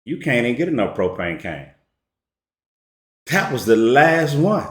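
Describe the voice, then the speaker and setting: Animated, slangy man telling stories. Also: mid-range voice, a little slow, pauses often. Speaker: relationship commentator and author. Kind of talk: casual storytelling monologue. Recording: echoey room.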